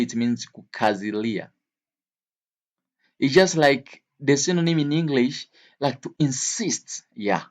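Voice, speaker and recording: Teaching vocabulary to English learners, a man speaks at a slow pace in a medium pitch. He goes over every word and example again and again.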